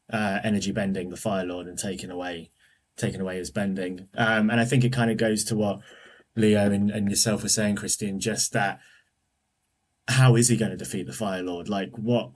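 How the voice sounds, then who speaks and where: Deep-ish guy geeking out on a podcast, lots of restarts. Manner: enthusiastic, many restarts and fillers. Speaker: podcast guest. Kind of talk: casual podcast discussion.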